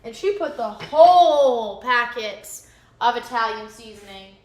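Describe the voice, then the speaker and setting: Woman, goofy rambling livestream chat, high voice, echoey kitchen. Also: animated, unhurried. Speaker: vlogger cooking live. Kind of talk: casual livestream chat while cooking. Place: home kitchen.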